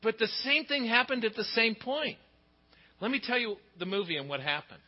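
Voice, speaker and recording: A middle-aged man preaching a sermon, telling stories with big swings in pitch and loudness. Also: a little fast. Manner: expressive storytelling, pitch and volume swing widely. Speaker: pastor. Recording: dull sound with long hall reverb.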